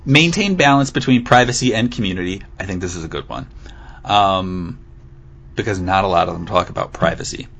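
A man's voice: low-pitched, expressive, brisk, a bit bright. A man co-hosting a casual podcast, reading a news article aloud and often breaking into laughter. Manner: giggly, amused, reads with playful emphasis. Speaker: podcast co-host.

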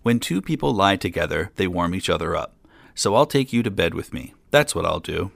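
A man's voice: low-pitched, sing-song, fairly quick, gravelly, fairly bright tone, no room sound, full character voice. A man voicing a brave, naive young man who cannot learn to shudder, in an eager, cheeky way. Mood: cheerful.

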